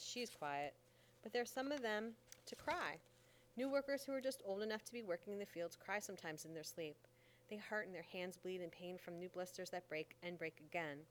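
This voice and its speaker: A woman narrating an audiobook in the first person, with a steady storytelling style in folksy dialect. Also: lowish voice, a little hiss or hum.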